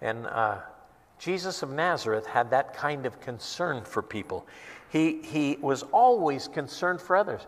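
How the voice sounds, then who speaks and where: A man preaching a sermon as a pastor, earnest and emphatic, dropping to a hush and acting out quotes with feeling. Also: medium pitch, lively intonation, measured pace. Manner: earnest, swings between hushed and emphatic, acts out quotes. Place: church hall. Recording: long reverb of a church hall.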